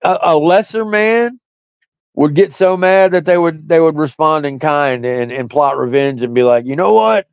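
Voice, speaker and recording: A man's voice: on the high side, normal speed, smooth, no room sound, muffled recording. Profane, mocking man ranting on stream. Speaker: stream host. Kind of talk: ranting monologue.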